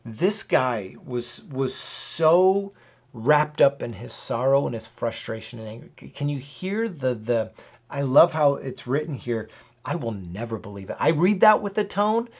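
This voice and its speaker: A man's voice: mid-range voice, animated, a little slow. A man hosting his own channel, giving casual Bible teaching to camera in an earnest, emphatic way, often asking rhetorical questions and adding "right?". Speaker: host of a Bible and whiskey channel.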